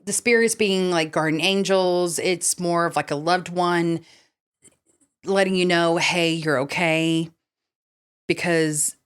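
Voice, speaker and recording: A woman's voice: fairly low pitch, measured pace, clear, resonant tone. Chatty woman co-hosting a paranormal podcast. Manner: animated, swears casually, many fillers. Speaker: podcast co-host. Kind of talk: casual podcast chat, reading stories aloud.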